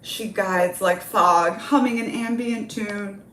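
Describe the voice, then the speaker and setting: A woman's voice: mid-range voice, steady tone, slow, a bit bright, echoey room, slight background noise. A woman reading a comedy script aloud, with casual, offhand asides. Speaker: script reader.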